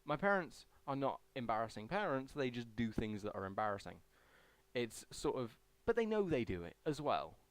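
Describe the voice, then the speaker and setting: A man's voice: medium pitch, sing-song, moderate pace, dry recording. A young man vlogging casually as he answers a survey, chatty and rambling with self-deprecating asides. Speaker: YouTuber.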